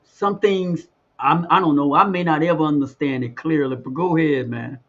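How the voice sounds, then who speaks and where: Halting man thinking aloud, muffled. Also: a little high, fairly bright tone. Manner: halting, restarts often, searching for words. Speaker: podcast co-host. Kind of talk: casual reflective conversation.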